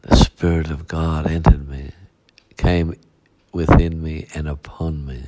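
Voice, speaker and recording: A man's voice: rumbling low, little pitch movement, unhurried, warm tone. A male pastor, preaching a midweek sermon with heavy repetition and rhetorical asides.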